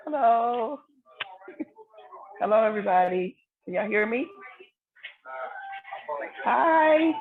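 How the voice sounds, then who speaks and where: A woman's voice: a little high, expressive, takes it slowly, pauses often, dry recording. A woman, speaking shyly and affectionately on a casual group call. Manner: shy, gushing, affectionate. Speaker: webinar participant. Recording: phone-like call audio.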